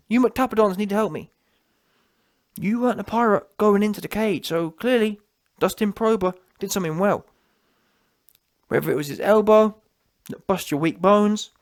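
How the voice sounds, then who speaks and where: A man rants straight into the camera in a taunting, mocking tone. He talks in street slang and keeps circling back with "yeah?" to hammer each point home. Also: high-pitched. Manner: taunting, repetitive, slangy, with frequent "yeah?" tags. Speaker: commentary channel host. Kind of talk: mocking reaction rant.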